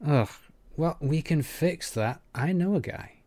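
A man's voice: medium pitch, expressive, normal speed, mellow, no room sound, lightly acted. A man voicing a cocky, perceptive young male student with a breezy, confident manner.

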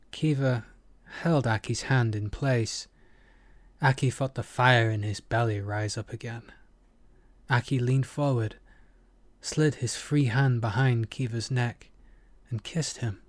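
A man narrating a romance story in a measured, intimate audiobook reading. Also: medium pitch, steady tone, no room sound.

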